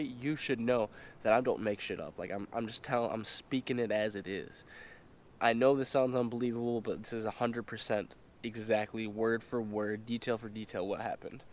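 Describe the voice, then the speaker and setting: A man's voice: mid-range voice, fairly quick, darkish tone, a little hiss or hum. A young man vlogger telling a story to his viewers in a casual, exasperated and profane way.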